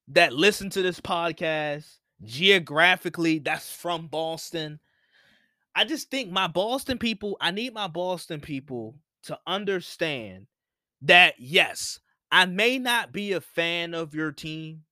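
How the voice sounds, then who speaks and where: A man's voice: a little high, bright, forceful tone, no room sound, clean studio sound. A man hosting a sports podcast, talking casually and repeating his points for emphasis. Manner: opinionated, repeats himself for emphasis. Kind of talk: casual solo sports talk.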